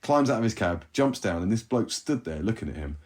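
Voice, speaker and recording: Brief: man, band member, very deep voice, quick lively storyteller. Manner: animated anecdote-teller, many restarts. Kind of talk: storytelling in a podcast chat.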